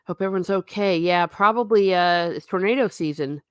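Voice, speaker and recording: A woman's voice: on the low side, moderate pace, no room sound, studio quality. A middle-aged woman hosting a casual livestream chat, reading viewer comments and laughing often with self-mocking asides.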